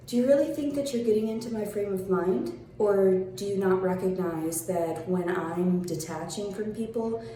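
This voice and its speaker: A woman ranting in a vlog, sarcastic and mocking, swearing and swinging between high taunts and low mutters. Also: dark tone, a little hiss or hum. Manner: sarcastic, mocking, calls the listener "honey". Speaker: vlogger. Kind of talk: angry vlog rant. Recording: very echoey room.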